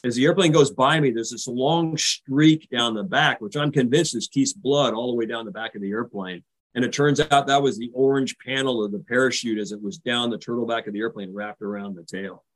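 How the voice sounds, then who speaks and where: Older american guy retelling a carrier landing story, animated, acts out the radio calls. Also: medium pitch, poor audio. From United States. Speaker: guest. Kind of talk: storytelling in a podcast interview.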